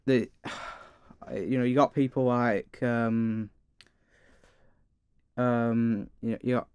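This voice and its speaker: Teenage Mancunian lad, studio guest, cheeky and chatty, smooth clear voice, dry close mic. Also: male voice, mid-range voice, steady tone, takes it slowly, a little mellow, no echo. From Greater Manchester. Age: teens. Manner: cheeky, chatty, stumbles over words. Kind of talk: radio interview. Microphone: studio microphone.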